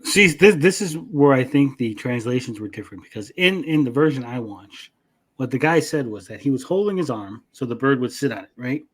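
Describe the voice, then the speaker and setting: A man co-hosts a casual anime podcast and retells episodes with lively energy. He swears freely and breaks into quick acted-out quotes. His voice sits at an ordinary middle pitch. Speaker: anime review podcast co-host. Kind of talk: casual chat.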